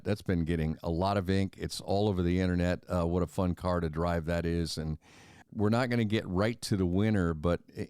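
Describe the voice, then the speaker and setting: Middle-aged male podcast host, very deep, smooth voice, dry close sound, easygoing. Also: darkish tone, dry recording. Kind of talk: interview hosting.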